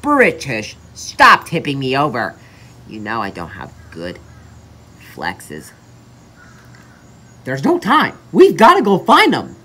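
A woman acts out a homemade plush toy adventure, giving every character its own voice. Her pitch swings wildly from squeaky highs to gruff lows, her pace is very slow, and her tone is bright. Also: wildly swooping pitch. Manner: jumps between many character voices, high and low. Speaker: plush toy video maker.

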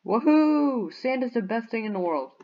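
A young woman giving bubbly, excitable commentary on a video game and cheering at her finds. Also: a little high, moderate pace, highs cut off. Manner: bubbly, excitable, squeals and shouts in surprise. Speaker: gaming YouTuber.

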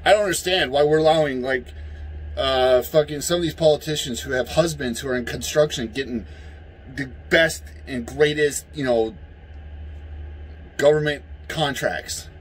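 A man from the United States in a heated, profane political rant, yelling at times. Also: medium pitch, moderate pace, slight background noise, rough recording. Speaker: vlogger.

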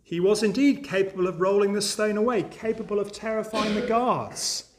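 High-voiced man preaching an Easter sermon. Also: normal speed. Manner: earnest, emphatic, addresses listeners directly. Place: church service.

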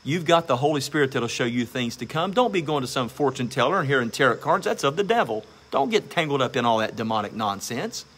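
A man's voice: medium pitch, expressive, quick pace, few pauses, fairly bright tone, husky. A man preaching a sermon as pastor, emphatic and exhorting, repeating phrases for stress.

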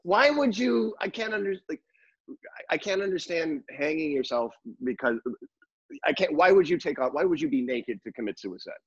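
Man, podcast co-host, casual comedic chat, husky, animated, slightly muffled dry recording. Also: fairly high pitch, normal speed, dry recording. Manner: animated, rambling, joking theories.

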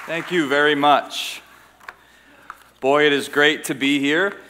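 A man raised in Austria speaks to a crowd from a stage mic in a church hall. His voice sits a little high and rings bright and forceful. He tells his story earnestly, slowing down for dramatic pauses. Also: steady tone, a little hiss or hum. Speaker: conference speaker. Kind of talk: public talk to a live audience.

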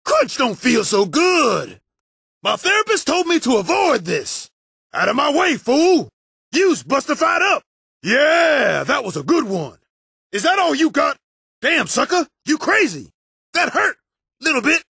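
Gravelly brawler, high lively voice, shouting taunts, raspy and bright. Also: male voice, measured pace, dry recording, studio quality, exaggerated voice. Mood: rowdy. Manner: shouty, taunting, street slang. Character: brawling tough-guy man who talks of himself in third person.

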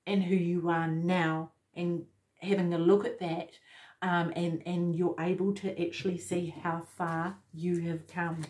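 A woman's voice: fairly low pitch, mellow. Enthusiastic woman giving a tarot reading. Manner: enthusiastic, effusive, addresses viewer directly. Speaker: tarot reader. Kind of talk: casual spoken tarot reading.

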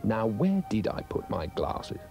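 A man's voice: on the low side, sing-song, a little slow, gravelly, lo-fi sound, over music, exaggerated voice. A man voicing a pompous, self-important male dog who muses loftily about writing his memoirs. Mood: lofty. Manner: lofty, self-satisfied musing.

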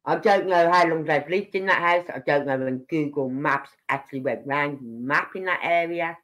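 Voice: medium pitch, moderate pace, a bit bright. Rambling older live-stream host. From Birmingham, England. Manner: rambling, chatty, talks straight to viewers. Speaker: livestream host. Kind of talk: casual live-stream chat.

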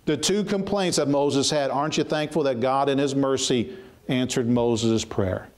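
This medium-pitched pastor speaks at normal speed through a sermon. Reading passages in King James language, he then explains them simply and earnestly, repeating his openings often.

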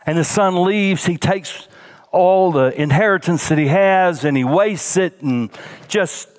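A middle-aged male senior pastor preaching a sermon, swinging from emphatic raised lines to soft, hushed ones. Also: high-pitched.

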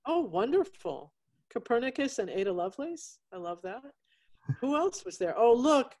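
A woman's voice: on the high side, big pitch swings, normal speed, a little mellow. A woman author chatting effusively with guests over a video call from her home. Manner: effusive, gushing over pets. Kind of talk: casual chat on a video call. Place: at home, alone.

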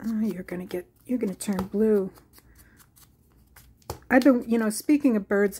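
Slow, mellow-voiced woman crafting. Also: mid-range voice. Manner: unhurried, musing aloud while working, drifts into soft whispers. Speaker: crafting channel host. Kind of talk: casual crafting tutorial. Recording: faint background noise.

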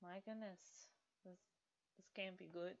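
A woman's voice: fairly low pitch, fairly even intonation, unhurried, highs cut off. A woman casually commenting on her own gameplay, rambling with lots of fillers and scolding the game characters aloud. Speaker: gaming video host.

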